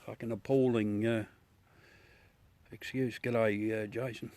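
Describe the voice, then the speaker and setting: Speaking slowly with a fairly low, darkish voice and fairly even intonation, this Australian livestream host rants bluntly and swears freely as he chats casually with viewers. The recording is dry.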